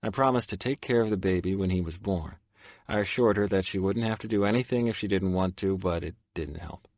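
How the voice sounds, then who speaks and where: A man's voice: sits low, brisk, no echo, dull audio. A man narrating a first-person audiobook in a subdued, confessional way.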